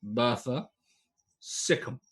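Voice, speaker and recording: A man's voice: mid-range voice, animated, husky, exaggerated voice. A man doing a laconic dwarf warrior. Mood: deadpan. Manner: laconic, slow. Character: stoic male dwarf warrior with big axe.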